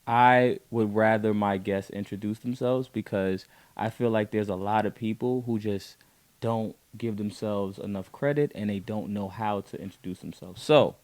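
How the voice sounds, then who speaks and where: A man hosting a faith podcast, talking in an effusive, excited way with his wife as guest. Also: fairly low pitch, no echo. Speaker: podcast host.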